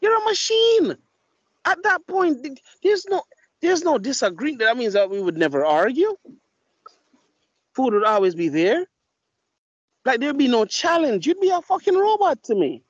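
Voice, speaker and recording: A man's voice: extremely high pitch, sing-song, moderate pace, long pauses, slightly rough, no echo. A man hosting a podcast, telling blunt, profane stories in casual chat. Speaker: podcast host. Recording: dull lo-fi mic.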